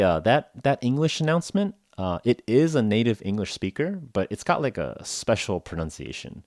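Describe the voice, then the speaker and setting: Male podcast host, low voice with lively swings, joking, filler-heavy casual chat. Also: normal speed, few pauses, no echo, studio quality. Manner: rambling, jokey, heavy with "like" and "uh". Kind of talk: casual chat for English learners.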